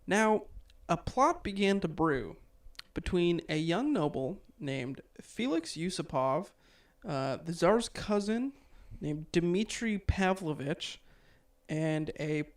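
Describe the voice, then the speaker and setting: A man's voice: high voice, slow pace. A man casually telling a history story on a podcast from his notes, with lots of fillers. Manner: relaxed, filler-heavy, chuckles often. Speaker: podcast host.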